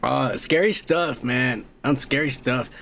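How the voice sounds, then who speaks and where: A middle-aged man hosting a podcast, reading viewer comments in a profane, joking way and loudly toasting viewers. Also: mid-range voice, takes it slowly, vocal fry, a little hiss or hum. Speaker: podcast host. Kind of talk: casual comment-reading chat.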